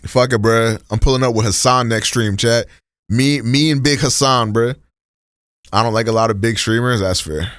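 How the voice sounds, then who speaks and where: A man's voice: medium pitch, moderate pace, a bit bright, no echo, clean studio sound. Slangy rambling male streamer. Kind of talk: casual live-stream reaction chat.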